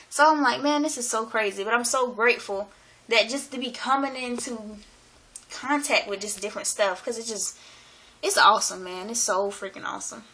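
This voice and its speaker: Vlogger woman, excitable rambling delivery, slangy, bright and a bit high. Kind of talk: casual monologue to camera. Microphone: camera.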